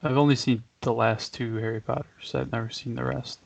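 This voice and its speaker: A man's voice: mid-range voice, fairly even intonation, brisk, vocal fry. A man co-hosting a casual chat show, easygoing and often laughing. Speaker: podcast co-host. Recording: dry, dull lo-fi audio.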